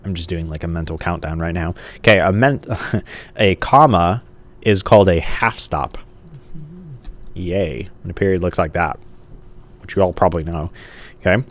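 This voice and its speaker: Deep-voiced casual male teacher. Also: normal speed, pauses often. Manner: casual, says "like" and checks in with "okay?"; talks while writing on a page. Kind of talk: recorded video grammar lesson. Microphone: camera mic.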